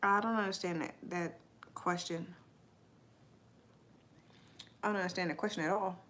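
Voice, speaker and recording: A woman's voice: on the low side, fairly even intonation, normal speed, fairly bright tone. Chatty woman live streaming to viewers. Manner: chatty, rambling, answers chat comments.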